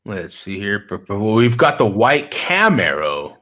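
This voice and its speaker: Male show host, casual chatter, animated pitch, laughs a lot. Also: unhurried. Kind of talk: casual chat. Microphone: video call.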